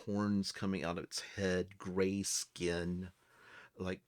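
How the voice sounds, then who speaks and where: A man narrating a tabletop role-playing game as game master, describing scenes in a slow, hesitant way. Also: deep voice, little pitch movement.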